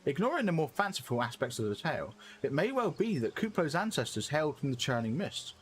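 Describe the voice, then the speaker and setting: A man's voice: a little high, big pitch swings, fairly quick, slight background noise. A man voicing an earnest young male scholar, speaking in formal, archaic phrasing.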